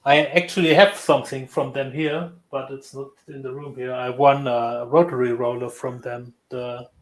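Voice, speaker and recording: A man joining a casual live stream chat, speaking hesitantly and softly. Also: mid-range voice, level tone, normal speed, low-quality recording.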